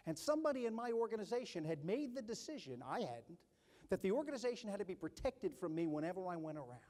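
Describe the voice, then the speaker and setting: Man, middle-aged, keynote speaker, lively storytelling, long reverb of a large hall. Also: high-pitched, fast. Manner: animated storytelling, acting out other voices. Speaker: keynote speaker, army officer. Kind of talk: keynote leadership speech.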